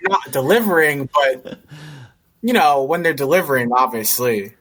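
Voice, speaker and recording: A man's voice: medium pitch, lively intonation, moderate pace, fairly bright tone. A man playing a tabletop game, casually describing what his character does and joking along. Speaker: player. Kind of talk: casual tabletop role-play.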